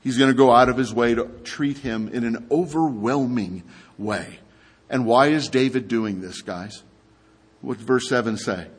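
A man preaching an expository sermon, animated and speaking straight to his listeners. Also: mid-range voice, normal speed, breathy edge. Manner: animated, addresses the audience directly. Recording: long hall reverb.

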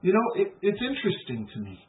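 High lively voice, guy preaching slow and dramatic, sounds tinny like over a phone. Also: echoey room, distant mic. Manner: animated preaching, voicing doubting questions and scripture aloud. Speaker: pastor. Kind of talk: sermon.

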